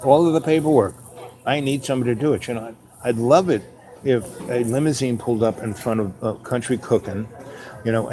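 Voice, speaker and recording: A man's voice: mid-range voice, dark tone. A man hosting his own show, talking in a loose, meandering monologue full of "you know" asides, sometimes acting out little conversations. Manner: acts out little dialogues with raised voice. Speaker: show host. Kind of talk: rambling casual monologue.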